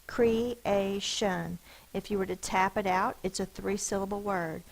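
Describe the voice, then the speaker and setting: A woman teaching a phonics lesson, slowly sounding out each letter and syllable of spelling words. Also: mid-range voice, little pitch movement, rough recording. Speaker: elementary school teacher.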